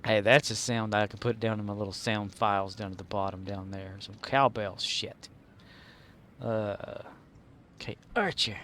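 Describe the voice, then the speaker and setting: A man's voice: lowish voice, steady tone, normal speed, fairly bright tone, a little hiss or hum. A man streaming a game live, rambling and joking as he plays and mutters to himself. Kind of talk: casual live-stream commentary.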